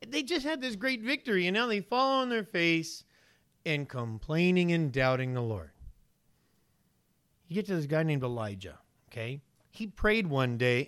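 A male preacher with a slightly high voice tells Bible stories in a lively, conversational way, dropping casual slang along the way. The recording is dry and close, with little room sound. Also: clean tone, no room sound. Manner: animated storytelling, mixes in casual slang. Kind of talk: casual sermon.

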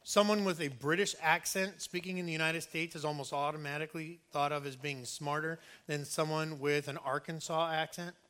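A man preaches in an earnest, conversational way, stressing his points and often restarting his sentences. His voice sits a little high and sounds bright and forceful. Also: fairly even intonation, moderate pace, hardly any pauses. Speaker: pastor. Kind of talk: sermon.

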